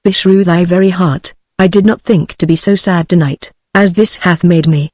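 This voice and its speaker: A synthetic text-to-speech voice of a woman with a British English accent, reading the part of a proud young male French prince in a flat, unvaried way. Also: on the low side, normal speed, no echo, studio quality, lightly acted.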